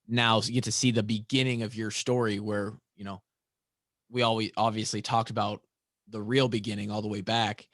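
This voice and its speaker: A man's voice: medium pitch, no room sound, clean studio sound. A man hosting a casual podcast, asking long, chatty, hyped-up questions. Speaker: podcast host.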